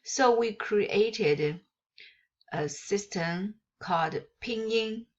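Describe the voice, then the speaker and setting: Slow, halting woman teaching a lesson. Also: mid-range voice. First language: Mandarin Chinese. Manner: halting, self-correcting explanations. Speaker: language teacher. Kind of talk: classroom lesson explanation. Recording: dull lo-fi recording.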